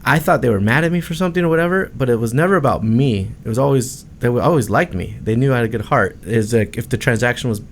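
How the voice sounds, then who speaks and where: Fast-talking earnest man in his forties. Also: medium pitch, expressive, a little hiss or hum. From Arizona. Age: 40s. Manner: earnest and heartfelt, quick with many restarts. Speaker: podcast guest, luxury realtor. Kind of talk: casual interview talk.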